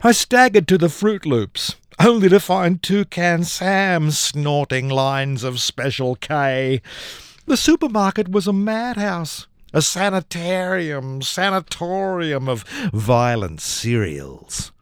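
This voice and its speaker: A poet performs comic verse with theatrical flair, his voice swooping lively up and down. He takes his time over the lines. The sound is dry and close, like a studio mic. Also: fairly high pitch, takes it slowly, clean tone, dry recording. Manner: theatrical, with big dramatic swings in voice. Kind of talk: performance poetry reading.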